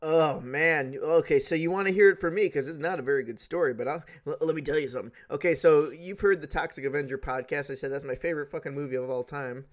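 A man with a slightly high voice chatting on a casual podcast. He tells stories in an animated way, swearing freely and laughing as he goes. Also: fast talker, hardly any pauses. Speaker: podcast co-host.

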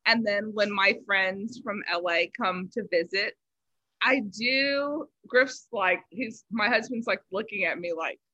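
This woman from Los Angeles has a mid-range voice with a slight Southern lilt, speaking a little slowly in a sharp tone. She's a baker appearing as an interview guest, chatting casually and filling her talk with "you know." The recording is dry, with the highs cut off.

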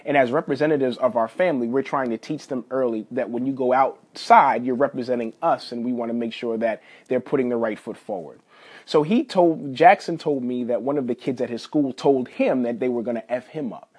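A man in his thirties hosting a podcast, casually telling a family story in a folksy, animated way and talking straight to his listeners. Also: medium pitch, a little fast, breathy edge. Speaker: podcast host.

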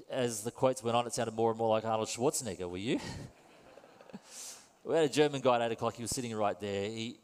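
Wry conversational man preaching. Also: lowish voice. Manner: conversational, wry, self-deprecating. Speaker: pastor. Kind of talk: sermon. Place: church. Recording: long reverb in a church hall.

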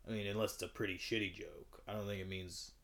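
A young man co-hosting a podcast in casual chat, joking around and quick to slip into silly voices. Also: on the low side, steady tone, fairly bright tone. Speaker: podcast co-host.

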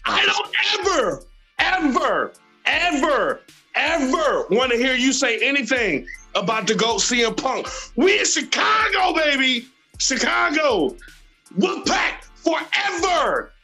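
Raspy high wrestler promo voice, wild swoops, slow drawn-out words, faint music. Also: male voice, sing-song, heavily acted. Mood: boastful. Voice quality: raspy, growling. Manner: shouty, drawn-out promo delivery with big pitch swings. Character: gravel-voiced male wrestling legend cutting a promo.

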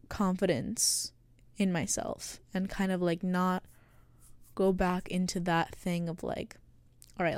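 A teenage woman chats alone into a close microphone, musing and rambling with many fillers. Her voice sounds mellow and soft-edged, and the recording is dry with no room sound at all. She talks like a casual solo podcaster thinking out loud. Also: lowish voice, no echo. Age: late teens. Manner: rambling, filler-heavy, reflective. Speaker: podcast host. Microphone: close studio microphone.

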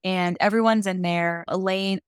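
A young woman co-hosting a casual podcast, chatty and animated as she recaps a fantasy plot with lots of "like". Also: mid-range voice, measured pace, clean tone, no echo, studio quality. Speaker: podcast co-host explaining fantasy books. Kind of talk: casual chat.

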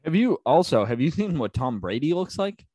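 A man co-hosting a podcast, halting and searching for words as he talks. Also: on the high side, sing-song, dark tone, slightly rough, no room sound, clean studio sound. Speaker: podcast co-host. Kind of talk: casual banter.

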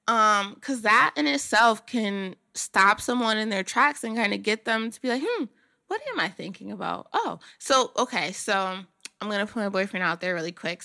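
A woman's voice: mid-range voice, bright, forceful tone, no room sound, studio quality. A woman hosting a casual solo podcast, talking frankly and chattily and swearing now and then. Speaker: podcast host.

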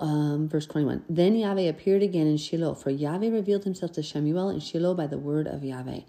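A woman's voice: fairly low pitch, warm tone. A woman hosting a podcast, reading scripture and commenting in an earnest, conversational way. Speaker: podcast host.

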